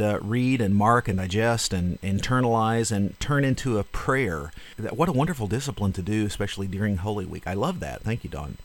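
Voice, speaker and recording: A man hosting a radio interview, unhurried and affirming, a little halting as he frames his questions. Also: fairly low pitch. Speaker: radio show host.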